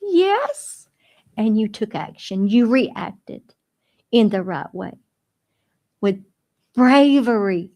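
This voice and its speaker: A woman's voice: mid-range voice, slow, pauses often, darkish tone. A woman hosting a children's radio show as a dog trainer, speaking in a soothing, coaxing way, like a teacher talking to kids.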